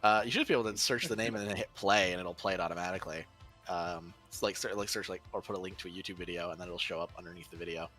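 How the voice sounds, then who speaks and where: A man's voice: sits low, fairly even intonation, very fast, sharp tone, soft background music. A man acting as game master, narrating a tabletop game in an easygoing way and chuckling often as he makes rulings. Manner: chuckling, easygoing rules calls.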